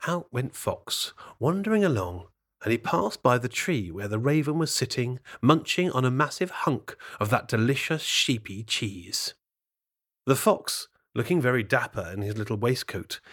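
A man narrating a children's fable in a playful, expressive way, with chatty asides to the listener. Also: medium pitch, moderate pace. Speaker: storyteller.

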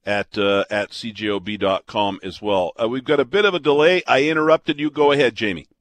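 A male radio talk show host with a middle-pitched voice. He speaks conversationally and keeps things moving with prompting questions. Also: fairly quick, fairly bright tone, dry recording. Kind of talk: radio interview.

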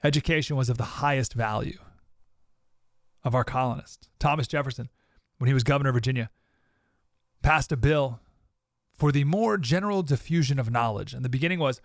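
This podcast host, an adult with a young child, quotes scripture in a conversational way and addresses his audience directly with a reflective tone. He has a mid-range voice, talks fairly quickly with long pauses, and the recording is dry and studio quality.

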